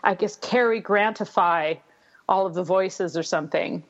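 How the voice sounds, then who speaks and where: A woman from Northern California, a writer and guest, telling stories in relaxed, chatty conversation. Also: on the low side, moderate pace, lo-fi sound. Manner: chatty, storytelling. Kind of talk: casual chat.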